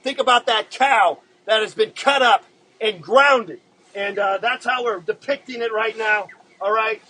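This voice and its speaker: A man hosting a casual live-streamed drawing show, chatting to viewers in a laid-back, rambling way with many halting filler words. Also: high-pitched, bright, forceful tone, rough recording.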